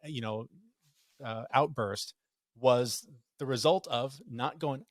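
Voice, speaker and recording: Man, middle-aged, podcast guest, lively storytelling, dry close sound. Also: medium pitch, measured pace, no room sound. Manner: animated, acts out quotes in raised voice. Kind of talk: casual conversational storytelling.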